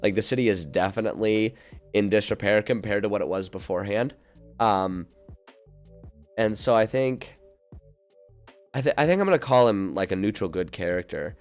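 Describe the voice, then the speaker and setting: Rambling, chuckling young streamer. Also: male voice, lowish voice, normal speed, pauses often. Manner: animated and rambling, laughs often, many fillers. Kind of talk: casual live-stream chat, thinking aloud. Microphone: desk mic. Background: faint music.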